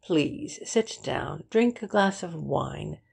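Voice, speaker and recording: A woman playing a well-meaning man out of his depth, coaxing and anxious. His lines come slowly, low and gravelly. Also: animated, a little mellow, exaggerated voice.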